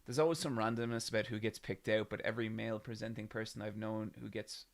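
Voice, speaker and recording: A man's voice: fairly low pitch, steady tone, fast. An Irish man in his thirties telling a rambling story to his live-stream chat, swearing and getting worked up. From Ireland.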